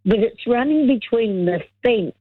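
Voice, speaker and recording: An Australian woman phoning in to a radio show, her voice thin and tinny down the line. She talks slowly and haltingly, full of fillers and apologies, with hiccups breaking in. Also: a little high, dry recording. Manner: excited, hesitant, many fillers and apologies. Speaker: radio caller. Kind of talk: phone-in chat.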